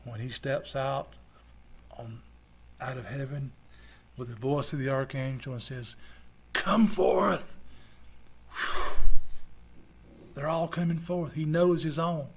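A man with a drawl preaching a sermon and praying in church, fervent, swinging from loud outbursts to quiet asides. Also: medium pitch, fairly even intonation, unhurried, husky. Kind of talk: sermon and closing prayer. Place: church with online stream.

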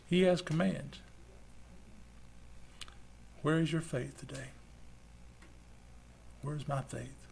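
A man's voice: on the high side, a little slow, gravelly, long pauses, a little hiss or hum. Fervent preacher man. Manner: fervent, swinging between loud outbursts and quiet asides. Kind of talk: sermon and closing prayer. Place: church with online stream.

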